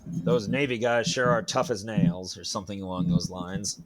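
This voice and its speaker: Over heavy background noise, a male podcast co-host with a fairly low voice talks at normal speed. He banters casually, trading dry, teasing jokes and swearing.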